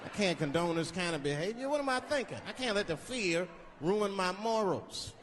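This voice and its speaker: High-voiced comedian telling a profane story. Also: male voice, normal speed, long reverb tail. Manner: profane, animated storytelling with acted-out asides. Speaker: stand-up comedian. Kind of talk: stand-up storytelling. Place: comedy club stage. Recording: live club set with noisy audience. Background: audience laughter and chatter.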